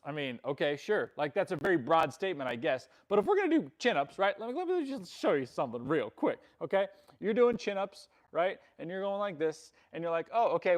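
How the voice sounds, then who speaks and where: A man coaching on a live stream, upbeat, greeting viewers and answering chat comments, often laughing and repeating words for emphasis. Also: high-pitched. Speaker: fitness coach.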